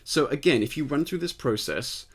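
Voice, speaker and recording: A man giving a casual spoken singing lesson, explaining step by step and checking in with the listener, his voice tired and slightly husky. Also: on the high side, expressive, normal speed. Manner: explanatory, conversational, often checks in with "right?". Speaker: voice teacher.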